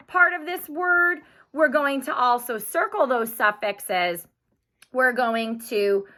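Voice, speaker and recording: A woman teacher giving a recorded spelling lesson to young children, speaking slowly and clearly in an encouraging way. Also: high voice, bright, forceful tone.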